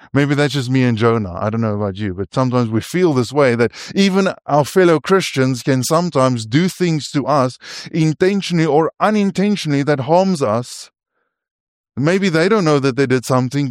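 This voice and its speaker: A man's voice: fairly high pitch, a little mellow, dry recording, studio quality. A man preaching a sermon. He is earnest and often stumbles and restarts his phrases, and he turns to his listeners with asides.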